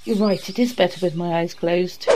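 A woman's voice: lowish voice, normal speed. A woman in an improvised comedy play, teasing and flirting playfully. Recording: clear background noise.

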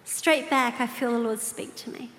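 A woman preaching to a women's gathering, telling a personal story with animated asides and direct questions to the audience. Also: on the high side, normal speed, slight background noise. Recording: reverberant hall with faint ambience.

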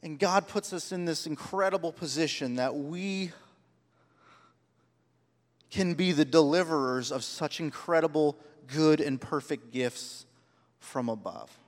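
A man's voice: on the high side, a little slow, long reverb tail. A man preaching a sermon, telling personal stories with heartfelt, rising emphasis. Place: church sanctuary.

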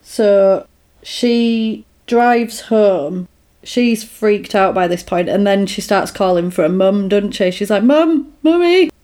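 A woman's voice: mid-range voice, fairly even intonation, slow pace, darkish tone. A woman casually retelling a film plot in a chatty podcast, with lots of fillers.

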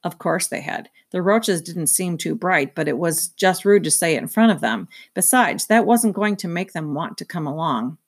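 A woman's voice: fairly low pitch, animated, normal speed, few pauses, slightly rough. Woman narrating a children's book aloud.

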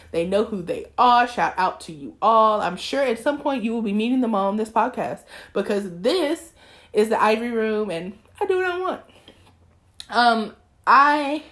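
A woman in her twenties from East Texas hosting her own podcast in casual, talkative chat, slipping into bursts of preaching. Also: mid-range voice. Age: 20s. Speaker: podcast host.

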